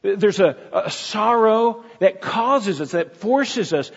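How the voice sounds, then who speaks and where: Halting, earnest male preacher, a bit husky and higher-pitched, heard in a hall. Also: lively intonation. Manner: earnest, halting, with many restarts. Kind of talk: sermon. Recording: dull lo-fi sound in a reverberant hall.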